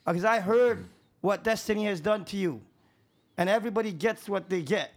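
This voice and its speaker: A man's voice: high-pitched, moderate pace. A man, a contractor and podcast guest, talking in casual chat with a profane, emphatic, preachy manner.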